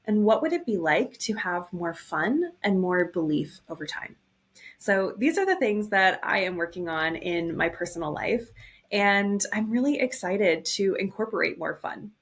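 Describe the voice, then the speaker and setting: A woman hosts her own podcast alone, speaking straight to her listeners as a coach. Her voice sits at an ordinary pitch, and her manner is reflective and earnest, gently upbeat as she shares her thoughts. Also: sing-song, normal speed. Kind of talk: solo podcast monologue.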